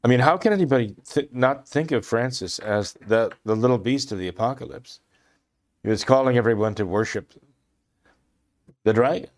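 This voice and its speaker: A man giving impassioned religious commentary, emphatic and repeating phrases for stress, clearing his throat often. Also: medium pitch, normal speed.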